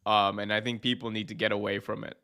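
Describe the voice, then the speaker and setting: A man's voice: fairly low pitch, flat delivery, fast talker, pushed and bright, smooth. A man co-hosting a podcast, chatting casually and laid-back, laughing often. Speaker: podcast co-host. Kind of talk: casual wrestling chat.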